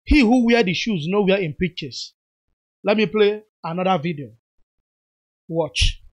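A man talks through clips in a relaxed, explanatory way, pausing to moralize. His voice sits fairly high for a man. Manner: unhurried, explanatory, moralizing asides. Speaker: commentary vlogger. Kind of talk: casual commentary over video clips.

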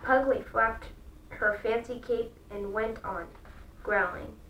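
A woman reading a children's book aloud, slow and careful with small restarts. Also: fairly high pitch, fairly bright tone. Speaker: storybook reader. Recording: echoey room, far from the mic, faint background noise.

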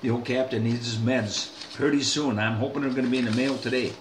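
A man's voice: mid-range voice, fairly even intonation, fairly quick, background noise. An older man talking straight to his viewers in a folksy, rambling way, full of restarts and asides. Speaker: vlogger. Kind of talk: casual rambling monologue. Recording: echoey room, faint ambience.

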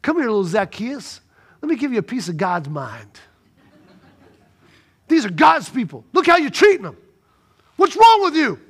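A stern holy man scolds a cheat, his voice climbing high and loud, as a preacher acts him out. The tone is indignant and overbearing. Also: big pitch swings, normal speed, long pauses, husky, heavily acted. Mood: indignant scolding.

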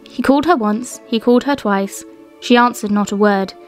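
A woman, co-host of a craft and history show, reciting an old poem in a measured way and then narrating its history. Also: on the high side, soft background music.

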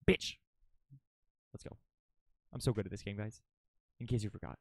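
A young man streaming a game live, narrating dramatically and swinging between loud panic and low, repetitive mutters. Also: fairly even intonation, moderate pace, gravelly, pauses often, slight background noise.

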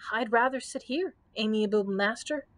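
A woman doing an excitable little servant. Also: on the high side, normal speed, dry recording, natural voice. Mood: content. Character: small, devoted male servant, excitable.

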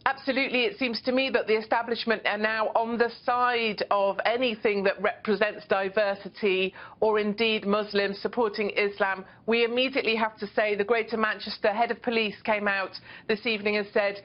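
A woman's voice: mid-range voice, little pitch movement, brisk, few pauses, lo-fi sound. A woman from Britain, a columnist speaking as a guest on a news show, talking in an impassioned, emphatic and indignant way. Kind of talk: remote TV interview.

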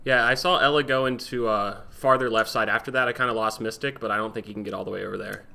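A man's voice: fairly low pitch, steady tone, quick pace, gravelly, bright, forceful tone. A young man in casual game chat over a desk mic, joking and teasing his friends. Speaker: gaming streamer. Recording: keyboard clicks and typing noise.

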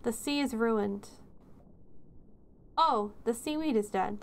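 High-pitched gal streaming a creepy game, giggly and sarcastic, talks to chat a lot. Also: female voice, slow, vocal fry. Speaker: streamer playing a horror game. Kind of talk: live game commentary.

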